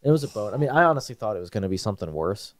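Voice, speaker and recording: A young man co-hosting a podcast, chatting in a quick, offhand, understated way. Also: lowish voice, very animated. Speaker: podcast co-host. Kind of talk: casual chat.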